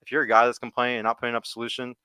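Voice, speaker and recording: A man's voice: medium pitch, level tone, rapid-fire, pushed and bright, clear, resonant tone, no room sound, clean studio sound. A man hosting a live podcast, ranting with passion and some profanity to his audience, calling them "guys" again and again. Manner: impassioned, emphatic, keeps addressing the audience as guys. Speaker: podcast host. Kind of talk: livestream rant to chat.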